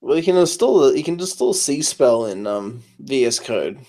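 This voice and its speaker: A man's voice: medium pitch, lively intonation, normal speed, darkish tone. A tired man, up late at night, explaining programming choices in casual chat, hesitant with many fillers. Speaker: programmer giving advice.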